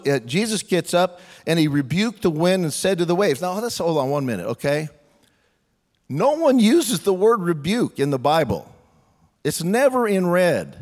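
A man preaches a sermon in a loose, joking, conversational way, slipping into quoted voices as he goes. His voice sits a bit high for a man. The sound rings with long reverb, as if from a big hall. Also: a little mellow. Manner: conversational, humorous, acts out quotes.

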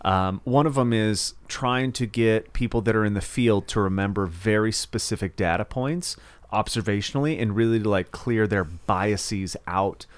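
A man's voice: on the low side, moderate pace, no echo. A man hosting a podcast interview, talking in a loose, chatty way, laughing often and swearing casually. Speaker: podcast host.

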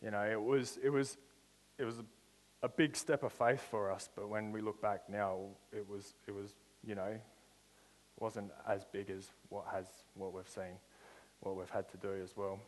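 Young guy preaching, telling his story, lowish voice, slows way down to hammer points home. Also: level tone, long reverb tail, low-quality recording. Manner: storytelling with slow emphatic build-ups. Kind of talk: sermon testimony.

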